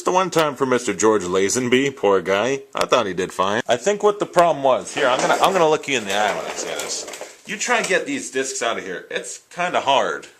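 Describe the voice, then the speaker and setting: Chatty man with a bright voice. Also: fairly low pitch, a little hiss or hum, poor audio. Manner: enthusiastic, rambling and chatty. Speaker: vlogger reviewing films. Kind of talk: casual unscripted vlog. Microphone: handheld camera, self-recorded.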